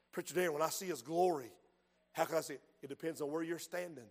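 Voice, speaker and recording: A male preacher delivering a sermon, moving from hushed storytelling to shouted calls to the congregation. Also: a little high, fast. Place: church sanctuary. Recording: long hall reverb.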